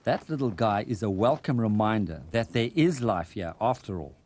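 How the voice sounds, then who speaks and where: A man giving scripted documentary voice-over narration in a measured, earnest way. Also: lowish voice, animated, a little mellow, slight background noise. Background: music.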